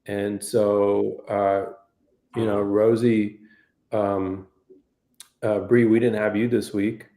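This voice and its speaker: Guy hosting a live chat show, low voice, laid back, kinda rambly, echoey room. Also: little pitch movement, slow pace, pauses often, mellow. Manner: easygoing, rambling with fillers. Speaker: host. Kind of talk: casual livestream chat.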